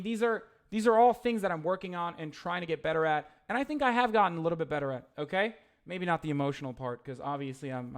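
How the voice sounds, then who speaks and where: Heated high-voiced young man streaming. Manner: heated, profane, rambling with restarts. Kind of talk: livestream reading chat and commenting.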